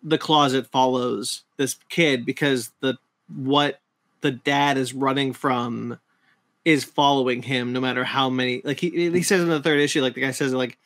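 A man's voice: mid-range voice, fairly even intonation, moderate pace, a bit bright. A man co-hosting a podcast, chatting casually and rambling with frequent restarts. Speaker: podcast co-host. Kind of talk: casual chat.

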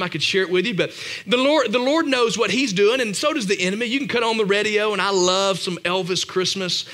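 A man's voice: high voice, sharp tone. A man giving a Christmas-season sermon as a pastor, chatty and anecdotal, with joking asides to the congregation in a church room.

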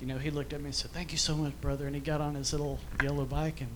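A man's voice: a little high, level tone, very fast, background noise. A man giving an informal church teaching, telling stories in a chatty way with many asides. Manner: storytelling, conversational with fillers and asides. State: briefly emotional, choked up.

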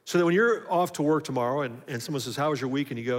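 A pastor giving a sermon, telling a personal story and building to emphatic points. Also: male voice, mid-range voice, expressive, quick pace. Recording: long hall reverb.

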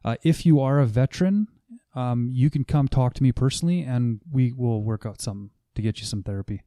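A man guesting on a podcast speaks in a mellow, warm voice that sounds dry and close. He is easygoing and teases the host now and then. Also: mid-range voice, brisk, dry recording. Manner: easygoing, teasing. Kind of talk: casual podcast chat.

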